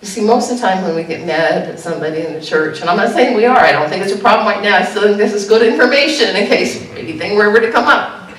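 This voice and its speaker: A woman pastor giving an animated sermon, jumping to high exclamations now and then. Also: fast. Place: church sanctuary. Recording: echoey church room heard from a distance.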